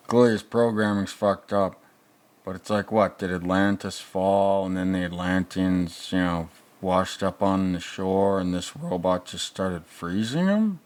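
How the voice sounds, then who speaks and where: A man putting on a crude old movie reviewer who rambles through a film with sarcastic, profane asides. His voice sits very low and he drawls along at an unhurried crawl, as if thinking aloud between scenes. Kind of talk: comedic reaction commentary.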